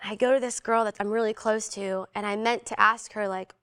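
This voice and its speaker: A woman's voice: mid-range voice, brisk, clean tone. A young adult woman as an interview guest, telling a personal testimony in casual storytelling style, full of "like" and acting out the voices she quotes. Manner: animated, fillers of "like", acts out quoted voices.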